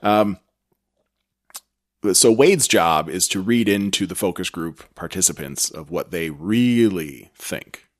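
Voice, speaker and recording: A man's voice: low voice, expressive, slow pace. A man co-hosting a podcast, recapping a TV episode in a rambling, self-correcting casual chat. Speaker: podcast co-host.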